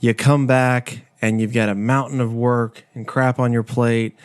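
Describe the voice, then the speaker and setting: A man's voice: mid-range voice, level tone, measured pace, clear, resonant tone, no room sound. A man hosting a podcast, telling a personal story in a candid, conversational and self-deprecating way. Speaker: podcast host. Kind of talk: casual storytelling monologue.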